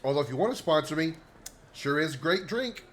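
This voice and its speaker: A man's voice: fairly high pitch, animated, fairly quick, a bit bright, a little hiss or hum, rough recording. A man streaming a video game live, rambling and joking with his chat in casual commentary. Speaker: livestreamer.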